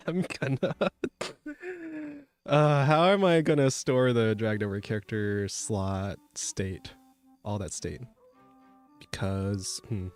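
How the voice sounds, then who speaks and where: A man streaming as a VTuber, chatting casually while he codes, joking at his own expense and sometimes breaking into high squeaky yelps. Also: slow, a little mellow, clean tone, faint music behind. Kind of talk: casual chat while coding.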